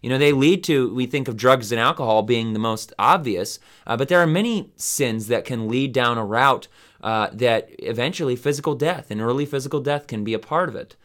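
A man's voice: medium pitch, brisk, a bit bright. A man hosting a Bible study podcast, teaching in a casual, rambling way with many fillers and restarts.

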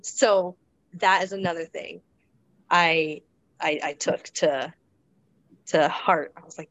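A woman's voice: lowish voice, fairly even intonation, takes it slowly, long pauses, fairly bright tone, no room sound, rough recording. A woman guest in a casual interview, talking reflectively with many restarts and fillers. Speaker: guest describing her births.

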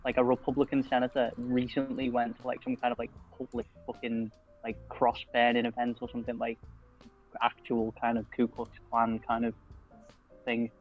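A man's voice: medium pitch, completely flat delivery, normal speed, highs cut off, faint music behind. A man co-hosting a casual chat show, rambling and swearing a lot, laughing often. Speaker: podcast co-host.

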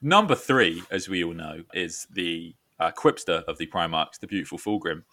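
A man's voice: low-pitched, lively intonation, moderate pace, bright, forceful tone. A man co-hosting a podcast, playful and prone to stammering. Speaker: podcast co-host. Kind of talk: casual chat.

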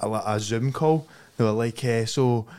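A man's voice: mid-range voice, moderate pace, darkish tone, clear, resonant tone. Joking Scottish man, podcast host. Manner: joking, laughs often. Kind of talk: casual podcast chat.

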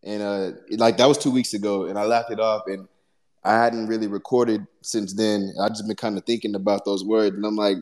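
A man, a guest musician, talking casually about his music in a reflective, halting way. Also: lowish voice, little pitch movement, darkish tone. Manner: reflective, halting, searching for words. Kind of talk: casual conversation.

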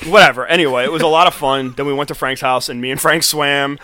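A young man in casual banter, telling animated stories with a lot of swearing and laughter. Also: fairly high pitch, quick pace, smooth, no room sound. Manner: animated storytelling, heavy swearing, laughing often. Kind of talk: casual chat.

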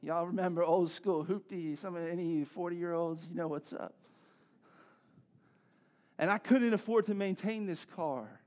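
A man, preaching a sermon in a conversational, animated storytelling way with asides to the congregation. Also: sits high, measured pace. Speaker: pastor.

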